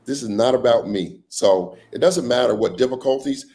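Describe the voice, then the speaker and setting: A man on a casual panel, an app founder telling lively stories and acting out the people in them. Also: mid-range voice, moderate pace. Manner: animated storyteller acting out quoted voices. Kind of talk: casual panel conversation, storytelling. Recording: online live panel.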